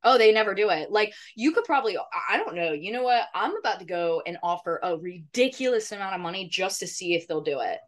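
A young woman co-hosts a casual podcast, speaking quickly at a medium pitch with lively intonation and barely pausing. She tells stories animatedly, swears, and slips into playful voice impressions in this casual chat.

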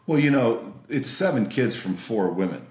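A man's voice: mid-range voice, lively intonation, moderate pace, darkish tone. A man in his forties, a podcast guest, telling a story casually over a remote call from home, emphatic, swearing freely and often restarting his sentences. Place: at home with children nearby. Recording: roomy echo.

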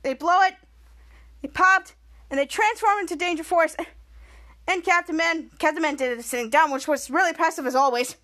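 High-voiced woman recapping a TV episode. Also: a little fast, bright, forceful tone. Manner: rambling scene-by-scene retelling with self-corrections. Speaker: podcast host.

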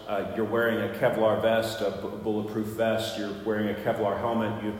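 A man's voice: lowish voice, level tone, normal speed. A man, a pastor, telling a personal story in a sermon, conversational and full of fillers and restarts. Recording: echoey church hall with long reverb.

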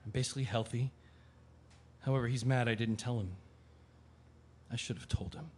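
An actor playing an ill man who talks quietly and wryly about his guilt. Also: medium pitch, fairly even intonation, normal speed, breathy edge, natural voice. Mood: subdued. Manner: quiet, subdued, self-deprecating. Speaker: Ben, the sick man. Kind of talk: audio drama acting, inner monologue.

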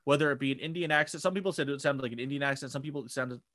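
A man's voice: mid-range voice, racing, fairly bright tone, no room sound. Rambling young man, dry close sound. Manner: rambling, lots of fillers and restarts. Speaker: podcast co-host. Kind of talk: casual chat.

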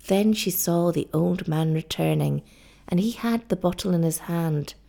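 Woman, audiobook narration, dramatic, gravelly, mellow. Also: on the low side, measured pace. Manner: dramatic, expressive storytelling.

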